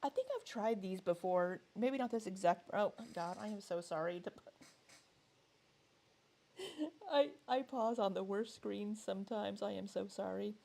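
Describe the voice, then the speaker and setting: Woman, gravelly voice, casual reaction commentary, hesitant, laughs a lot. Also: mid-range voice, unhurried, mellow. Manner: chatty, hesitant, laughs often. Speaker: reaction vlogger.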